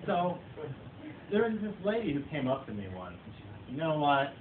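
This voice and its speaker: A man's voice: fairly high pitch, huge pitch swings, normal speed. A man giving a humorous club speech to a live audience. He tells playful, self-mocking stories about himself. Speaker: club speaker. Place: meeting room with an audience. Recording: tinny echoey far-off recording, noisy.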